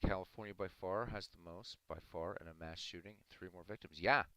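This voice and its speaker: Deep-voiced man arguing with chat. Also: a little fast, a bit bright, no echo, poor audio. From Ireland. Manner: argumentative, talking back to chat. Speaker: live streamer reading chat. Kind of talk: casual livestream chat.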